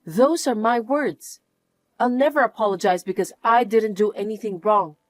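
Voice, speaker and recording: An actress playing a wronged young wife who answers with cool, firm defiance. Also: female voice, a little high, moderate pace, no room sound, natural voice. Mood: defiant. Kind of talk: narrated drama acting.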